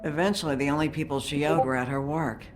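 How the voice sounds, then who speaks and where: A woman's voice: sits low, fairly even intonation, fast, close to an everyday voice. An actress playing a tough, grieving female bar owner in a video game, weary and subdued. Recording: game audio over music.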